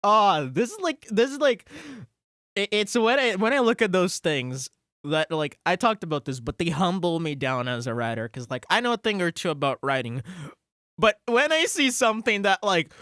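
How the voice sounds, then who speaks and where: An excitable game streamer giving live-stream commentary, thinking aloud, swearing and laughing between words. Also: medium pitch, moderate pace, no room sound, clean studio sound.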